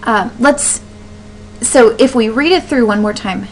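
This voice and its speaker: Higher-voiced woman teaching poetry. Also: slight background noise, poor audio. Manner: explains step by step, with fillers and restarts; says words aloud slowly to show stress. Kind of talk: classroom lesson on poetry.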